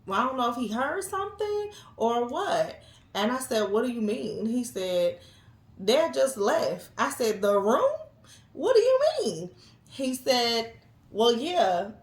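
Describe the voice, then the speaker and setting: Woman in an echoey room. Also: medium pitch. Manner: lively, chiming in, quotes herself emphatically. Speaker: co-host. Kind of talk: casual storytelling chat.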